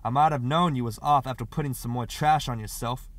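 Stern, sharp-tongued rural wife, cold and scolding, a touch loud; a man reads her. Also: mid-range voice, fairly quick, lightly acted.

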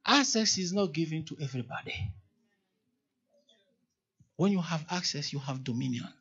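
A man preaching a sermon as a church elder, lively and emphatic, acting out quoted dialogue. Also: a little high, moderate pace, breathy edge. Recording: dull, lo-fi sound.

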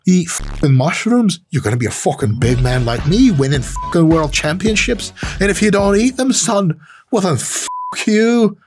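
A man's voice: high voice, lively intonation, moderate pace, faint music behind, voice pushed up. A man putting on a brash cocky Irish fighter. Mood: taunting. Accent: mock Irish. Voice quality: swaggering, swearing, taunting.

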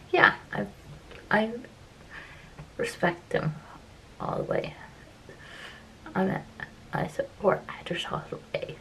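A tearful woman vlogger talks slowly and haltingly, stopping to repeat herself and often sinking into a soft whisper. Her voice has a gravelly, creaky edge. A faint background hiss sits under her voice. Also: medium pitch, rough recording. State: upset, close to tears. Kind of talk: casual opinion vlog.

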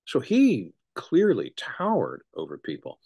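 A middle-aged man, a historian, speaking as an interview guest in an animated storytelling way with frequent restarts. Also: mid-range voice, a little slow, creaky, breathy edge. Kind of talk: conversational interview.

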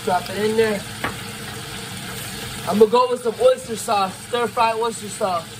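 Easygoing high-voiced man cooking outdoors. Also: background noise. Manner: relaxed, savoring food with drawn-out mms. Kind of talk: casual cooking vlog talk. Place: outdoors at a campsite.

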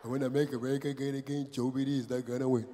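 Comedian doing a low fast blustery politician bit, hall echo. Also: male voice, level tone, dark tone, lightly acted. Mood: boastful. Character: impression of a blustering male politician. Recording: echoey hall, live stage.

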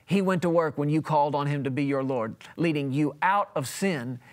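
A man in his thirties delivers a televised sermon in a conversational, emphatic style, his volume swinging widely from loud to quiet. His voice sits on the high side and moves at a normal speed.

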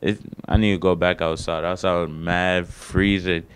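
A man's voice: low voice, flat delivery, normal speed, smooth, no echo. A young man doing his first stand-up set on a small studio stage, rambling and slangy, poking fun at himself. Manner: slangy, rambling, self-deprecating. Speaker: stand-up comedian.

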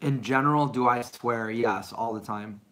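A man's voice: mid-range voice, normal speed, fairly bright tone. A middle-aged man rambling casually as he answers viewer questions on a live stream. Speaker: vlogger answering live chat.

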